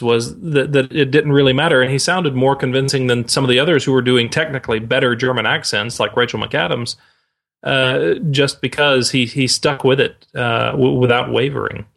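Male film reviewer on a casual podcast; gravelly, mid pitch, measured delivery. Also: a bit bright.

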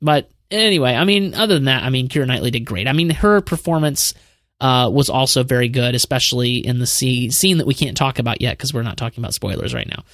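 A man's voice: mid-range voice, fast talker, fairly bright tone, no echo, clean studio sound. A man with a Midwestern accent hosting a podcast, chatting casually about movies with lots of restarts and repeated words. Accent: Midwestern American. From American Midwest. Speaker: podcast host. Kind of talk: casual movie review chat.

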